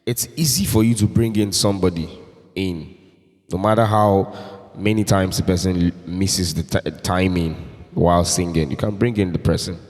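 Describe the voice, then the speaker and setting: A man hosting a casual keyboard tutorial, explaining slowly and repeating points as he demonstrates loops. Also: deep voice, a little mellow, big-room sound. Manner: slow, explanatory, repeats himself. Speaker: music tutorial host selling keyboard loops.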